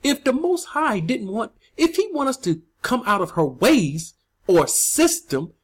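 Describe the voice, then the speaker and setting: A woman's voice: a little high, very animated, a little slow, breathy edge. A woman preaching and teaching scripture, emphatic and repetitive, rising on key words.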